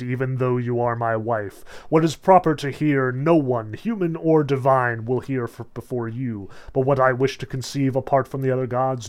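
A man's voice: medium pitch, natural voice. Man doing a pompous blustering king of the gods. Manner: pompous, threatening.

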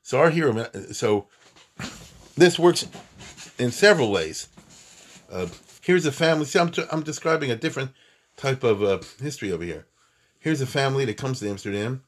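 A man teaching Jewish history in a lively, emphatic classroom talk, full of asides and restarts. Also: medium pitch, moderate pace, pauses often. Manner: animated, emphatic, conversational with many asides and restarts.

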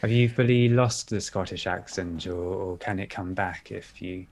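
A man co-hosting a podcast, telling measured anecdotes with pauses. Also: deep voice, a little mellow, dry recording. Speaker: podcast co-host. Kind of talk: casual podcast chat.

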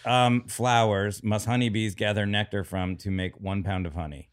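Podcast co-host, man, low voice, easygoing, leads with questions. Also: steady tone, normal speed, smooth. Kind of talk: casual podcast chat.

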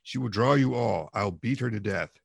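A man with a gravelly, husky voice playing a drunken, cruel young peasant who shouts loudly in a storybook reading. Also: fairly low pitch, lively intonation, normal speed, no room sound, studio quality, heavily acted. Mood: furious. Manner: shouting, raised and loud.

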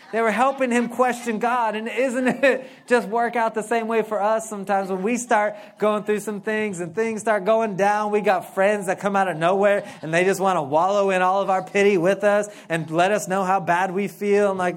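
Playful, slangy male pastor preaching. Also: high-pitched. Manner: playful and animated, laughing often, slangy asides. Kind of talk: casual, conversational sermon.

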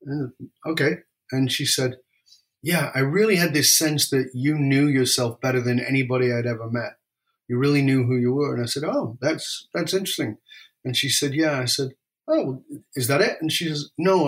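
Male storyteller, candid and reflective, mid-range pitch. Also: a bit bright. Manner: emotional, reflective, varies pace widely. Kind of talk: personal storytelling.

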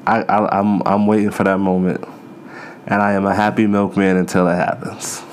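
A man's voice: deep voice, level tone, moderate pace, a little hiss or hum. A man hosting a podcast, telling rambling, profane stories in a casual comedic monologue with self-mocking asides. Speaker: podcast host.

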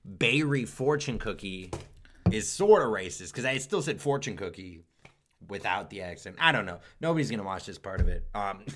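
A man's voice: fairly low pitch, animated, normal speed, fairly bright tone, a little hiss or hum. A man co-hosting a podcast, joking and swearing through casual banter and laughing often. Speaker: podcast co-host.

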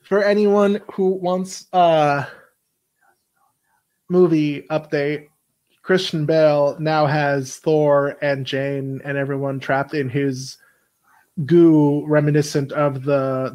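This male podcast host talks on the higher side and keeps things playful. He chats loosely over an online call, riffing with his co-hosts. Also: little pitch movement, takes it slowly, a little mellow. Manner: playful, jokey. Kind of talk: casual watch-along chat.

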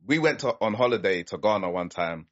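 A man with a London accent, hosting a podcast in casual chat and telling lively stories full of slang. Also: lowish voice, a little fast, dull audio. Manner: animated storyteller, slangy. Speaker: podcast host.

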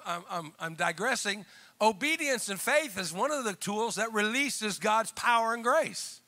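A male pastor preaching a sermon, swinging from emphatic loud bursts to quiet chuckling asides and calling out to the congregation. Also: high voice, lively intonation, a little slow.

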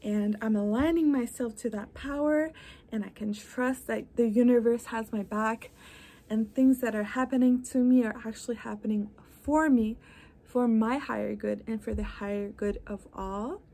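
A woman with a fairly high voice gives an earnest motivational talk as a podcast host and wellness coach. She speaks in an encouraging, heartfelt way. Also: moderate pace, mellow.

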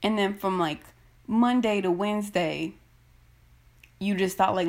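A woman's voice: medium pitch, a little slow, gravelly, breathy edge. A woman podcast host ranting casually and bluntly into her phone, swearing and exasperated.

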